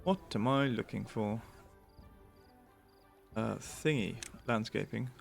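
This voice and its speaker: A man's voice: fairly low pitch, takes it slowly, gravelly, soft background music. A man streaming a city-building game, talking to himself in a casual, muttering way and sometimes slipping into a silly pirate voice. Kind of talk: casual gameplay commentary.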